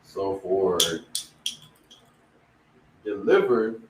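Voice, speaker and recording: Man with spanish accent, unhurried teacher, casual, roomy echo, distant mic, faint background hiss. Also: lively intonation, dull audio. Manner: casual, repeats "right?" and "boom". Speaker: language teacher. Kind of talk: online vocabulary class.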